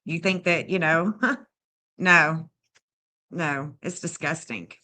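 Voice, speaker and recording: Woman, fifties, indignant, streamer commentary, bright tense voice. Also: sits low, measured pace. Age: 50s. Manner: blunt, indignant, scolding. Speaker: true crime streamer. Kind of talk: casual livestream commentary.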